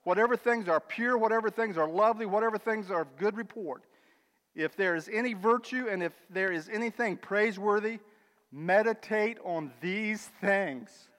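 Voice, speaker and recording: A man preaching a sermon with emphatic, building declarations and quieter asides, calling listeners brother and sister. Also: high voice, a little fast. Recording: long reverb of a large hall.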